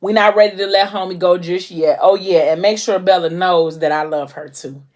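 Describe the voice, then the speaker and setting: A woman's voice: on the low side, fairly even intonation, moderate pace, darkish tone, lightly acted. A woman voicing a cocky, streetwise teenage boy who talks in loose slang. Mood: slangy.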